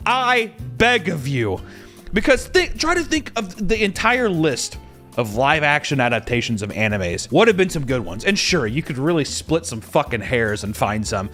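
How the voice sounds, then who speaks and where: A man's voice: a little high, very animated, normal speed, a bit bright, soft background music. A man ranting casually as a commentator, profane and exasperated, mocking what he talks about. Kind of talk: casual rant.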